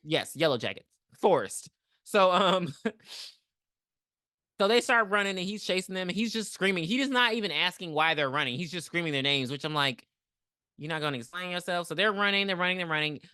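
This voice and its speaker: A woman's voice: on the low side, expressive, brisk, pushed and bright, dry recording, clean studio sound. A young woman co-hosting a podcast, recapping a movie in casual chat and acting out the characters in big voices. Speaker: podcast co-host.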